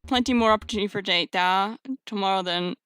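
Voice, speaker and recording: Bashful male yeti, read by a woman, broken English, "da" and "nyet", game dialogue, bright tone, smooth voice. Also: mid-range voice, fast, no room sound, soft background music, natural voice. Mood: shy. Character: lovestruck male yeti baker-charmer, shy and sweet. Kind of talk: reading game dialogue aloud.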